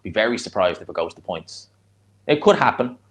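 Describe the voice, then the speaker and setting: A lowish, expressive, fairly bright voice comes through briskly from this Irish streamer with a Dublin accent. Hosting a live watch-along, he offers casual commentary on a fight and chats with viewers bluntly and ramblingly, responding to chat between fight reactions.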